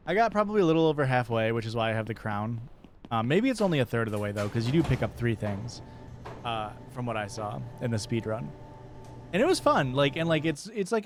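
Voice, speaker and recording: Joking, foul-mouthed man streaming a game. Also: mid-range voice. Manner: hyped, joking, swears a lot at chat. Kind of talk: casual live-stream chat over gameplay.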